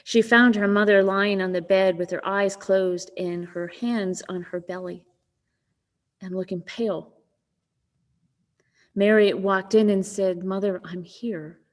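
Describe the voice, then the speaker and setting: A woman minister preaching a sermon, telling a story gently and softening to a hush in tender quoted moments. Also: mid-range voice, fairly even intonation, slow pace, long pauses, big-room sound. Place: church sanctuary.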